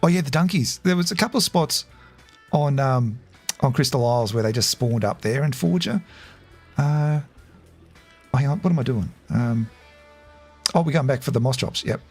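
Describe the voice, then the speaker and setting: A man's voice: mid-range voice, expressive, moderate pace, long pauses, darkish tone, slightly rough, soft background music. A middle-aged Australian man chatting casually over a game, rambling with lots of fillers and restarts and laughing easily. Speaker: gaming streamer. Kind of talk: casual gameplay commentary.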